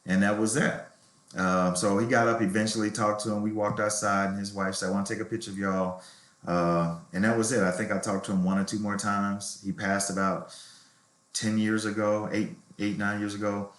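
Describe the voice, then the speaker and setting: A middle-aged man with a low voice tells a personal story candidly and reflectively. His voice carries a roomy echo, as in an interview recorded in an open room. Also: little pitch movement, normal speed, a bit bright. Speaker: novelist guest.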